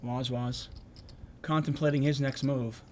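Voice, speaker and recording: A man's voice: mid-range voice, steady tone, measured pace, a little mellow. A man giving play-by-play poker commentary, chatty and joking with his co-host. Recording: noticeable background noise.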